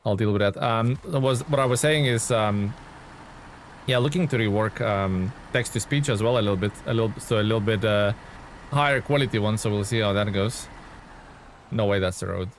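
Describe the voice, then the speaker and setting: A male streamer with a fairly low voice talks his way through a live gameplay session, greeting viewers and reacting as he drives. His tone stays casual and chatty throughout. A faint background hum sits under his voice. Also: a little fast. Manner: chatty, greets and thanks chat while playing. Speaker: game streamer.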